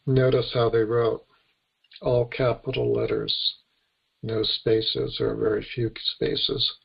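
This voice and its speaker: A man's voice: medium pitch, flat delivery, slow, vocal fry, husky, highs cut off. A man with an American accent teaching an online webinar class, patiently spelling out letters and their sounds. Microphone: computer microphone on a webinar.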